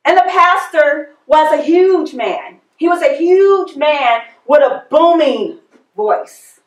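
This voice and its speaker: A woman with a high voice preaches slowly, leaving space between her phrases. She repeats her words for emphasis. The sound is echoey, as if she is in a large room. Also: lively intonation. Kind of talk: sermon.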